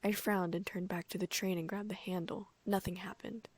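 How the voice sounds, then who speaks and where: A woman reading a first-person fan fiction audiobook in a soft, often near-whispered voice. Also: mid-range voice, little pitch movement, moderate pace, slightly rough, no echo. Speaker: audiobook narrator.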